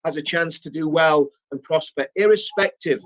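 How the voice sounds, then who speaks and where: A man's voice: on the high side, normal speed. A man with a northeast English accent talking politics earnestly, repeating phrases to build his point. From northeast England. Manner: earnest, repetitive, building emphasis. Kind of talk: political talk, earnest appeal. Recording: dull lo-fi clip.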